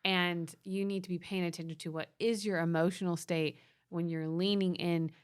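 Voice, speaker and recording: Female podcast co-host, lowish voice, chatty advice-giver. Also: steady tone, normal speed, smooth. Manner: chatty, laughs easily, gives advice. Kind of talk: casual parenting podcast chat.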